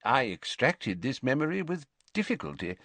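A man voicing a calm, measured old wizard. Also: medium pitch, dry recording, pitched above the performer's own voice. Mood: explaining. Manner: measured, gently explaining. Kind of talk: audiobook character reading.

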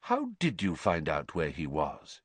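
A man voicing a calm, weary grown male teacher who speaks softly and reasonably. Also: extremely low pitch, measured pace, husky, no room sound, pitched below the performer's own voice, heavily acted. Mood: measured.

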